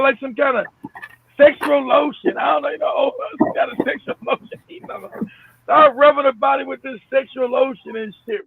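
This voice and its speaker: A man's voice: very high voice, a little hiss or hum. A middle-aged man telling a crude, profane story with laughter, acting out quotes, over a phone call. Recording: tinny phone line.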